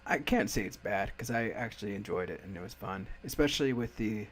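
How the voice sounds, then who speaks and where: A man's voice: lowish voice, a little fast, slight background noise. A man hosting a casual anime review chat, talking loosely and laughing often. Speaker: podcast host.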